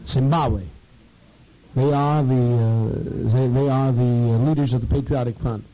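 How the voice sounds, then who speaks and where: A man leading a program and addressing a group informally, halting and repeating words for emphasis. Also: mid-range voice, steady tone, dark tone, muffled recording.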